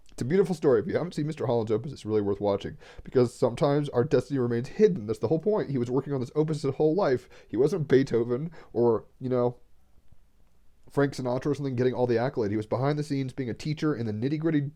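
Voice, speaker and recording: Man, casual tarot reading, rambling, emotional, cursing, mellow warm voice. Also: mid-range voice, quick pace. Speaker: tarot card reader. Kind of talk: casual spiritual card reading.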